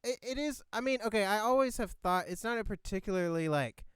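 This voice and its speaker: Lively, smooth-voiced male podcast co-host. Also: high-pitched, a little fast, no room sound, clean studio sound. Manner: giggly, chatty, tells anecdotes. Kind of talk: casual chat.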